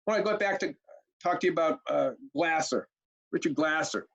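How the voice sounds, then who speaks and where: A man's voice: fairly high pitch, moderate pace, vocal fry, a bit bright, muffled recording. A man presenting a parenting webinar, telling stories energetically with rhetorical questions and repeated words for emphasis. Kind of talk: energetic storytelling lecture.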